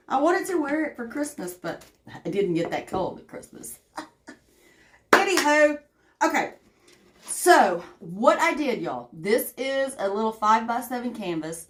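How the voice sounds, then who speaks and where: A woman's voice: on the high side, very animated, measured pace, slight background noise. A woman with a Southern accent chatting casually on a craft livestream, greeting viewers by name as she works. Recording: echoey room.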